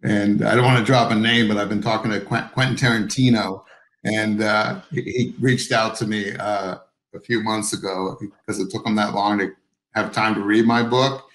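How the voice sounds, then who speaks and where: A man's voice: fairly low pitch, fairly even intonation, normal speed, fairly bright tone. Hesitant man, roomy sound. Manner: hesitant, many restarts and fillers. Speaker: author guest. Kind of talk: interview over video call.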